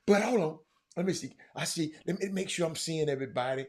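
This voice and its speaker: A man hosting a casual livestream, reading viewer comments and greeting people by name in an animated, loose way. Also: fairly high pitch, fast. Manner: animated, shouts out viewers by name, drifts off-mic. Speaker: livestream host.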